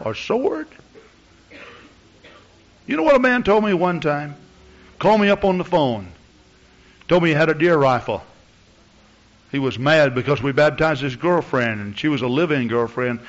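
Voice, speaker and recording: Fervent preacher, lively voice, dull recording. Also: male voice, fairly high pitch, normal speed, long pauses. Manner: conversational preaching that builds to loud, fervent exclamations. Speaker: pastor. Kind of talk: sermon.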